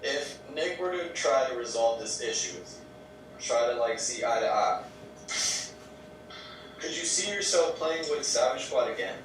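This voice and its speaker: Measured male interviewer in an echoey room. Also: expressive, recorded from a distance. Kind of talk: casual podcast interview. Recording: echoey room, off mic, faint rumble.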